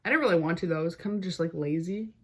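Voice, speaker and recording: Very fast and a bit breathy, this fairly low-pitched young woman chats through a story on her own podcast. Her talk is casual and full of "like" fillers, with wry asides scattered throughout.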